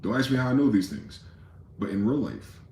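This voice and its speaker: A man's voice: mid-range voice, big pitch swings, brisk, a little mellow, reverberant, slight background noise. A man hosting a rambling late-night monologue, profane and conspiratorial in tone, with many asides. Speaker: host.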